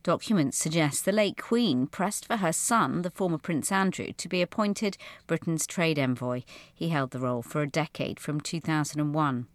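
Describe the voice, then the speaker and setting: A woman reading the news in a measured, formal way. Her voice sits quite low. The sound is dry and close. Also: no room sound. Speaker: newsreader.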